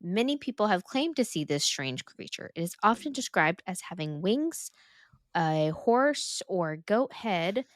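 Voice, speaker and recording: A woman's voice: fairly low pitch, big pitch swings, a little slow, dry recording, studio quality. A woman co-hosting a podcast, telling a story in a rambling casual way with restarts. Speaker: podcast co-host.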